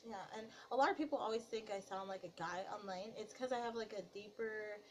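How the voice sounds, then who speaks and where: A young woman in her twenties with a nasal, slightly deep voice. She chats casually in a get-to-know-me vlog, rambling loosely and leaning on fillers, at an ordinary middle pitch. Faint background noise sits under the recording. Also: a little fast, poor audio. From Italy. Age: 20s. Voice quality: nasal, deeper voice. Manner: chatty, rambling with many fillers. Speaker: vlogger.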